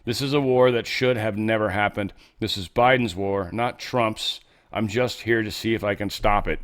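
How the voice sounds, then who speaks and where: A man with a fairly low voice runs through news headlines in a loose, casual commentary. He tosses in sarcastic, mocking asides between the items. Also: steady tone, moderate pace, a bit bright. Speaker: host.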